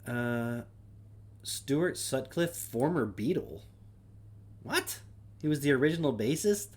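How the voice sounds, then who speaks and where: A man hosting his own stream chats casually solo, reading a list of names wryly and offhandedly and muttering dry asides under his breath. He speaks at a measured pace in an expressive, medium-pitched, mid-range voice that is darkish and slightly rough.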